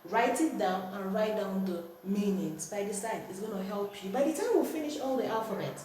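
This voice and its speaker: A woman's voice: medium pitch, normal speed, dark tone. A woman with a Nigerian accent teaching a language lesson at home, firmly correcting and repeating words with exaggerated tones. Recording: echoey room, distant mic, faint noise.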